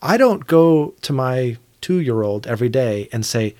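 A man's voice: mid-range voice, lively intonation, a little slow, hardly any pauses, darkish tone, dry recording. A man in his thirties co-hosting a podcast, talking earnestly and thinking aloud, sometimes restarting his sentences. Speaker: podcast co-host. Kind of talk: reflective conversational discussion.

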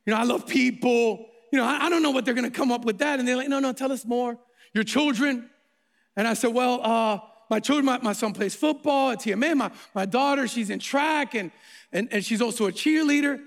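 High-voiced man preaching in a reverberant hall. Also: brisk, creaky. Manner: storytelling, animated, self-mocking, repeats words. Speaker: pastor. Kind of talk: sermon with personal story.

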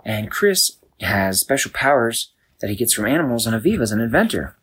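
A man voicing an eager, helpful young woman, in a breathy voice. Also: medium pitch, very animated, fairly quick, a bit bright.

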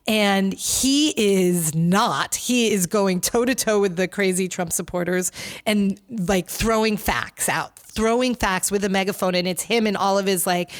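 A woman's voice: medium pitch, dry recording, clean studio sound. A woman from New York hosting a podcast alone, talking in a chatty, gossipy, sarcastic way with lots of fillers. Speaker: podcast host. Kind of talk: casual solo podcast commentary.

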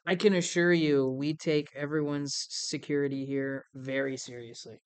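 A woman's voice: sits low, fairly even intonation, moderate pace, clear, resonant tone. A woman speaking in character in a tabletop game, polite and formal. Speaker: tabletop player. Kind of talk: in-character role-play.

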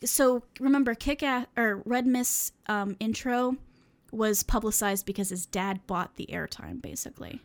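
A woman's voice: a little high, measured pace. A young woman reading her old fan fiction aloud and chatting about it, laughing often and poking fun at her own writing. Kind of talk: reading aloud with casual commentary.

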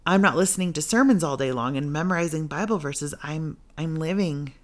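A woman's voice: deep voice, a little fast. A woman podcast host telling a personal faith story in a candid, chatty way with self-deprecating humor.

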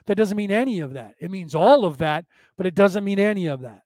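A man's voice: high voice, animated, brisk, a little mellow, no room sound. A man hosting a casual spiritual talk, rambling and repeating himself in a preachy way. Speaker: podcast host.

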